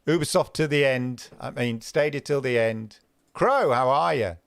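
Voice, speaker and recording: A man's voice: medium pitch, normal speed, vocal fry, dry recording, clean studio sound. A man hosting a casual gaming livestream, rambling and talking back to his chat viewers. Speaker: host of a livestream gaming show.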